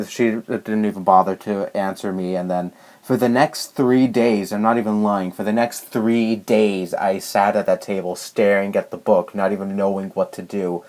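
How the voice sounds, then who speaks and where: A man's voice: lowish voice, steady tone, moderate pace, darkish tone. A young man vlogging a rambling, exasperated rant about a personal story, full of restarts and fillers. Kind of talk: ranting personal story to camera.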